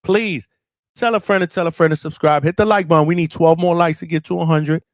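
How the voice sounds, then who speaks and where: A podcast host runs a late-night boxing call-in show, speaking loosely with slang and profanity and constantly saying "man" and "bro." His voice is a little high with fairly even intonation, and he talks fairly quickly. The recording is studio quality with no echo.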